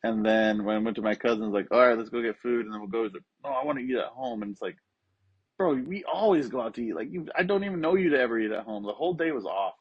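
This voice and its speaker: Husky-voiced man telling a story. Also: mid-range voice, expressive, fast talker, no room sound. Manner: swears freely, acts out quoted voices. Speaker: podcast guest, skateboarding coach. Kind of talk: casual storytelling. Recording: dull, lo-fi sound.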